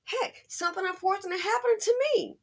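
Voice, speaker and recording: A woman's voice: extremely high pitch, fairly quick, no echo. A woman hosting a commentary monologue, emphatic and preachy, repeating her points for force. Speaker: commentary channel host.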